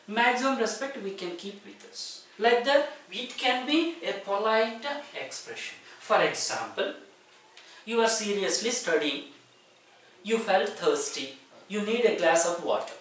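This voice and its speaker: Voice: medium pitch, animated, measured pace, a bit bright. A teacher, explaining polite phrasing step by step and rephrasing points often. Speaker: English teacher. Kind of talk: explanatory lecture. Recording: very echoey room, voice from far off.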